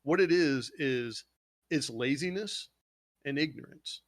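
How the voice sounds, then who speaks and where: A man's voice: on the high side, lively intonation, slow pace, no echo. A man co-hosting a casual gaming podcast, ranting with heavy swearing about game companies and mocking gamers. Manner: heated, swearing, mocks gamers in put-on quotes. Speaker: podcast co-host.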